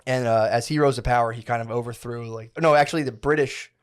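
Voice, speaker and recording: A man's voice: medium pitch, fairly even intonation, fast, clean tone. A man in his thirties co-hosting a casual podcast, telling a long history story with slang, swearing and many restarts. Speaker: podcast co-host.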